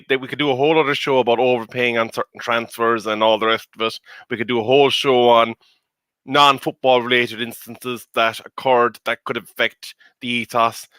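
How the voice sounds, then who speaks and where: A man co-hosts a casual football discussion, laying out his views in a measured, articulate way. His voice is bright and sharp. It sounds dry and close, with no room echo. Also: medium pitch, smooth. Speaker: co-host pundit.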